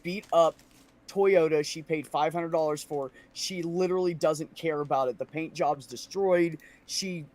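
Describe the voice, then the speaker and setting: A frustrated man in casual podcast chat, telling a story with lots of swearing and mimicking the voices of the people in it. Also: a little high. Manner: venting, profane, animated storytelling.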